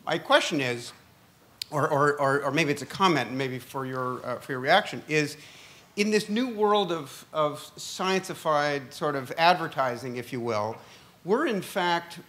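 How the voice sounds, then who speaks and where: Male conference moderator, a touch high, long wordy questions, lots of ums. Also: a little slow, fairly bright tone. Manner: long hesitant questions full of fillers, jokey. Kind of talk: onstage conference Q&A.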